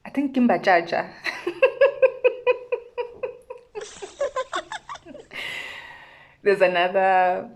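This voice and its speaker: A woman's voice: deep voice, moderate pace, a little hiss or hum. Sassy South African woman telling stories. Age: young adult. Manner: sassy animated storytelling, acts out dialogue. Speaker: vlogger. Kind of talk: mukbang storytime vlog.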